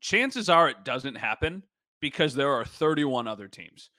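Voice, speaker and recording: Bright-voiced chatty male co-host. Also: mid-range voice, sing-song, measured pace, no echo. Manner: chatty, self-deprecating. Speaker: podcast co-host. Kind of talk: casual podcast chat.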